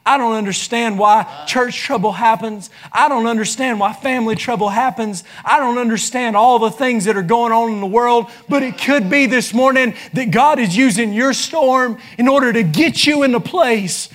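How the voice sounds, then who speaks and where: A man preaching a sermon, building into fervent shouts. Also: very high-pitched, moderate pace, few pauses. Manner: impassioned, rising into shouts.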